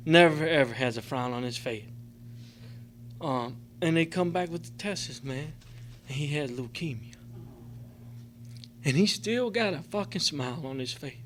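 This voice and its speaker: A man's voice: on the high side, animated, unhurried, long pauses, a bit bright, slight background noise. Rambling man sharing his story. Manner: rambling, emotional, profane, fills with "man" and "you know". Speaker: recovery convention speaker. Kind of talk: personal testimony to a group. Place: convention meeting room.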